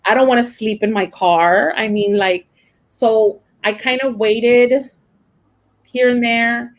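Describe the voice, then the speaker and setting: A woman's voice: fairly high pitch, steady tone, slow pace, lo-fi sound. A young adult woman teacher, telling a personal story in a rambling, emotional way with many fillers and restarts. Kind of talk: casual personal account.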